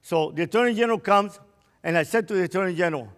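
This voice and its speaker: A man in his sixties giving a keynote talk on a conference stage, telling his life story and building to forceful preaching. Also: sits high, quick pace. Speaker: keynote speaker. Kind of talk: impassioned testimony speech. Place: conference stage in a large hall. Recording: long hall reverb.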